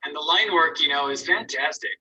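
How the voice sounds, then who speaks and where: Bright, husky-voiced painting teacher, off-mic. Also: male voice, on the high side, fairly quick, far from the mic, poor audio. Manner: encouraging, informal, thinks aloud. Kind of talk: casual critique in an online art class. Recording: voice from away from the mic.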